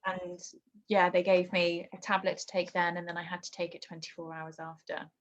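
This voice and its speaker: A young woman telling a painful personal story in conversation, halting and emotional with many restarts. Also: lowish voice, monotone. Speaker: guest. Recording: dull lo-fi podcast audio.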